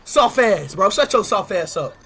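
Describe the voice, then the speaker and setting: A young man livestreaming, taunting and trash-talking loudly, often breaking into shouts. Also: sits high, big pitch swings, normal speed, breathy edge. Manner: loud, taunting, swings to shouting. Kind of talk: heated livestream banter.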